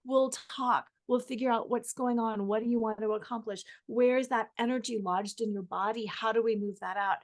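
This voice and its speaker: A woman's voice: on the high side, fairly even intonation, normal speed, few pauses. A woman author and coach speaking enthusiastically as a guest, describing her sessions. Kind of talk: casual interview answers.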